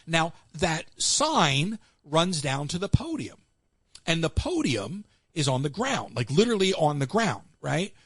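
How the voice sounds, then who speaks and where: A man's voice: fairly high pitch, a little slow, husky, dry recording. An American man hosting a call-in show, telling stories in casual chat and acting out what others said. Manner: animated storyteller acting out quotes.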